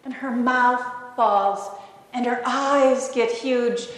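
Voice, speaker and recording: Slow, expressive woman telling a sermon story. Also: a little high. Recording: echoey hall.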